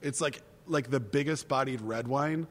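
A man's voice: medium pitch, normal speed. Swearing, rambling man in a reverberant room. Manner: rambling, profane, laughs easily. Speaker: podcast co-host. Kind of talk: casual wine-tasting chat. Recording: long reverb.

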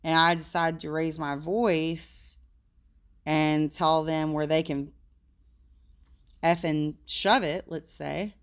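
A woman's voice: low-pitched, steady tone, slow pace, long pauses, smooth. A woman working as a social worker, talking frankly and casually about emotions, with the odd swear word.

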